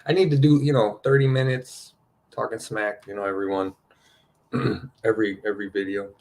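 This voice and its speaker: Rambling excitable man, low voice. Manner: loose and excitable, full of "you know" and "right?". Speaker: host of a spiritual card-reading show. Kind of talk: rambling casual chat.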